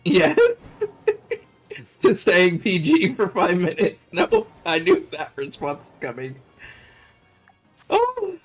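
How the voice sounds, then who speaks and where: A man's voice: sits high, wildly swooping pitch, slow, pauses often. A man chatting casually on a livestream, teasing and laughing often. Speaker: streamer.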